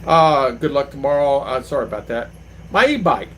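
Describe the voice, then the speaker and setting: Animated older-sounding man telling a story. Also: medium pitch, moderate pace, slight background noise, poor audio. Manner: animated, mimics voices when retelling exchanges. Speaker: vlogger. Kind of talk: casual storytelling to viewers. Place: outdoors, riding an e-bike.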